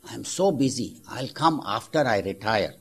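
A harried businessman rattles off excuses in a husky voice, as a man puts him on. He sounds hurried and preoccupied. It comes as a spoken example in a talk. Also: mid-range voice, animated. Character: busy, harried male businessman making excuses.

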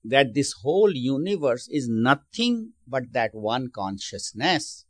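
Man, sermon-style spiritual teacher, mid pitch, dry close sound, patient explainer who asks the room questions. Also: big pitch swings, takes it slowly, a bit bright, dry recording. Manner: repeats and restarts phrases.

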